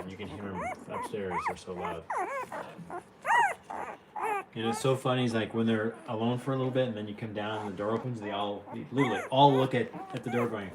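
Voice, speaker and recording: Chatty woman over loud whimpering puppies. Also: rumbling low, noisy background. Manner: chatty, coos and scolds at the puppies. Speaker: co-host, puppy breeder. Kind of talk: casual chat while tending puppies. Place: indoors at home, by a puppy pen. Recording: loud puppy whimpering behind. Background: puppies whining and whimpering.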